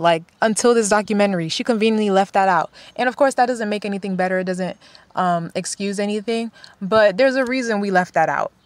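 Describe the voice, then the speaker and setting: A woman's voice: mid-range voice, no echo. A woman vlogger ranting in blunt, exasperated casual commentary, swearing often.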